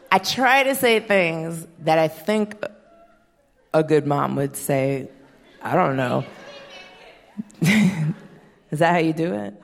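A woman in her thirties doing a profane, deadpan stand-up set, acting out quotes in her stories. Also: low voice, vocal fry, a little hiss or hum. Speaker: stand-up comedian. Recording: long reverb of a performance hall.

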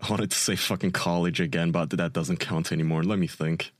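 A man co-hosting a podcast in a casual chat, speaking in a relaxed, wry way. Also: low voice, a little fast, no room sound, studio quality. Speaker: podcast co-host.

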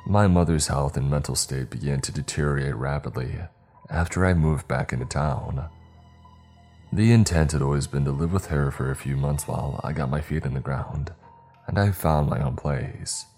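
A man narrating a scary story in a calm, measured storytelling manner. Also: rumbling low. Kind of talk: scripted horror story narration. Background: faint music.

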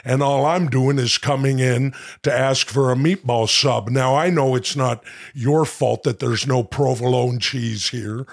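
A man doing an impression of a gruff, blustering older tough guy, ranting with indignant mock-patriotic bluster in an improvised comedy bit. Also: mid-range voice, steady tone, unhurried. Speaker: comedy podcast host.

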